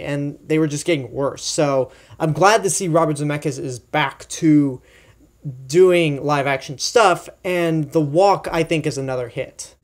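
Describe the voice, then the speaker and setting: A young man giving a casual, chatty film review, enthusiastic and full of asides and fillers. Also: on the high side. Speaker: movie reviewer.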